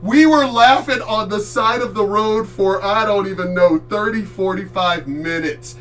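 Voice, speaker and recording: A man from the Chesapeake Bay area tells a story in an animated, loud, foul-mouthed way. His voice sits high and sounds bright, picked up from a distant mic, with faint music underneath. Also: unhurried. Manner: animated, loud, swears freely, acts out voices. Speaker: streamer host. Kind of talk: casual storytelling.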